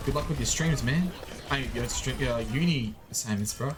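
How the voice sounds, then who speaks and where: An Australian man chatting casually while streaming a game, joking with viewers and breaking into sudden excited yelps. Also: mid-range voice, moderate pace, background noise.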